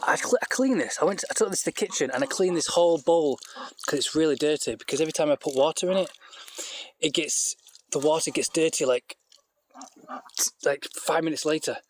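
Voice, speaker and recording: A man rambles through a casual vlog outdoors in a farmyard, full of restarts and fillers. His voice sits a little high, and he coaxes the ducks in a higher tone still. A faint hiss runs underneath. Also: fairly quick. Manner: talks to the animals in a higher, coaxing voice. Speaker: vlogger keeping poultry on a farm. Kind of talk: casual walk-and-talk vlog. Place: outdoors in a farmyard by a duck shed.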